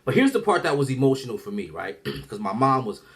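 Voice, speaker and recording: A man, a comedian, telling a lively personal story and acting out the other people in it. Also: medium pitch, a little fast. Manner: animated, acts out voices, swears freely. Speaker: stand-up comedian. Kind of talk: storytelling stand-up.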